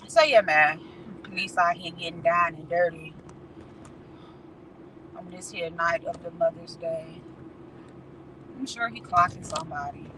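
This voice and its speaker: A vlogger in a car at night chats candidly on a livestream, swearing freely and laughing as she goes, with road noise from the moving car behind her. Her voice is fairly low, a little slow, with frequent pauses.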